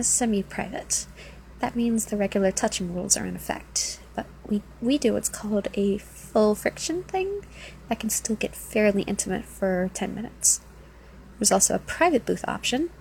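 A woman's voice: medium pitch, slight background noise, close to an everyday voice, rough recording. A woman playing a teasing New Jersey club dancer. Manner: playful, teasing, coaxing. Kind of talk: first-person audio role-play.

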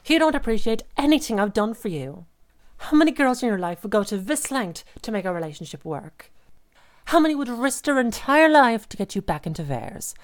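A woman's voice: a little high, lightly acted. A woman playing a volatile, obsessive girlfriend. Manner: swings between sweet cooing and sudden rage. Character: volatile, obsessive young woman who holds her partner captive. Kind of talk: audio role-play monologue.

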